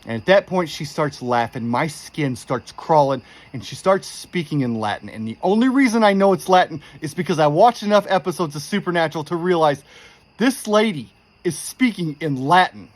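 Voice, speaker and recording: A man telling a creepy true story in a casual, animated way, quoting the people in it with exasperation. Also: on the high side, normal speed. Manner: animated, exasperated retelling with quoted dialogue.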